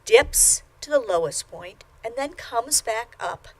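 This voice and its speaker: Woman, language teacher, recorded lecture, unhurried pace, pauses with ums. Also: on the high side, expressive. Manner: slow and deliberate, with uhs and ums; sings out the example syllables.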